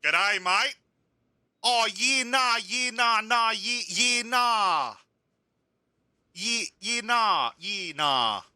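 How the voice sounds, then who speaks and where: A man's voice: high voice, animated, extremely slow, pauses often, pushed and bright, smooth, dry recording, studio quality, pitched above the performer's own voice, full character voice. A man voicing a cheery young male Australian racing driver in a mock Australian accent, chirpy and full of yeah nah and mate.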